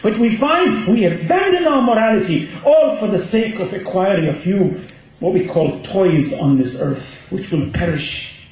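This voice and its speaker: A man's voice: high voice, lively intonation, unhurried, a little mellow. A man giving a passionate Muharram sermon, driving his points home with rhetorical questions. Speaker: religious lecturer. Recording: very echoey hall.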